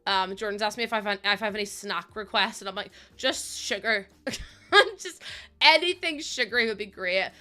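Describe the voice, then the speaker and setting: A woman's voice: mid-range voice, normal speed, pushed and bright. A young British woman streaming live from home, chatting casually with viewers, laughing often and swinging between playful squeals and mock grumbling. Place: home room.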